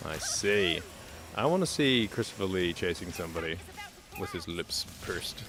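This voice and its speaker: A man's voice: low-pitched, very animated, normal speed, over music. A man co-hosting a game livestream, rambling in a jokey, offhand way and slipping into silly voices. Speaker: livestream co-host. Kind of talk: casual banter over a game stream.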